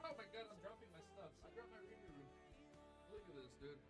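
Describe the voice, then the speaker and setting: A man streaming casually, chatting excitedly with his audience, swearing and gushing, at times near tears. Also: high-pitched, fast talker, over loud music. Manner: excitable, swears often, gushes and laughs. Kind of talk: casual livestream chat.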